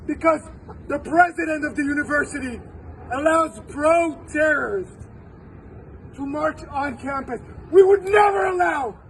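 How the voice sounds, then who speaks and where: Man, 40s, professor at a rally; fervent, deliberate delivery, distant mic outdoors with faint city noise. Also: very high voice. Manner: fervent, repeats phrases, shouting at times. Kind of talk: impassioned rally speech. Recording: distant outdoor recording with crowd and street noise.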